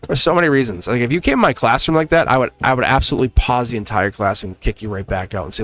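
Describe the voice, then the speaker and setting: A man hosting a members-only tarot livestream in casual chat, animated and laughing often as he talks to his viewers. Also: mid-range voice, fast, hardly any pauses. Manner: chatty and animated, laughs often, acts out quoted exchanges. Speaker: tarot reader and channel host.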